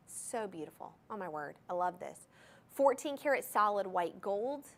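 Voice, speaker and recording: A mid-range, animated female voice at a moderate pace carries this live TV jewelry pitch from a shopping channel studio. The host gushes enthusiastically, talks directly to viewers, and repeats item numbers and key phrases to underline them.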